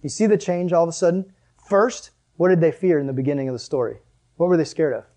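A man's voice: on the high side, animated, quick pace, warm tone. A man preaching a casual sermon as a youth pastor, conversational and emphatic with joking asides.

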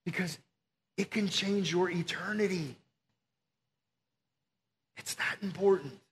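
A man's voice: high-pitched, slow pace. A male pastor, preaching a sermon in an earnest, pleading, conversational way.

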